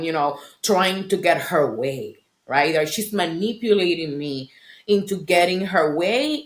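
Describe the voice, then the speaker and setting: A middle-aged woman working as a parent coach shares her own story in a reflective, earnest way. She often tags her points with a quick "right?". Her voice sits a little low, and the sound carries a noticeable room echo. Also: a bit bright. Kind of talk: personal storytelling in a conversation. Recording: roomy echo.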